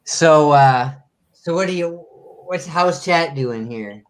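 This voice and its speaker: A man guesting on a livestream, chatting casually in a halting way. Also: fairly high pitch, animated. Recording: roomy, away from the mic.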